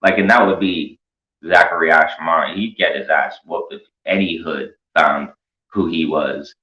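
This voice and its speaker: A man's voice: very deep voice, fairly even intonation, unhurried, highs cut off. A man hosting a commentary show, rambling through a crude, mocking, profane rant. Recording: echoey room.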